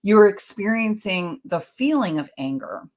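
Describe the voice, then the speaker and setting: Woman guest author, animated, chatty storyteller who laughs easily, middle pitch. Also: a little slow. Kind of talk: casual conversational interview.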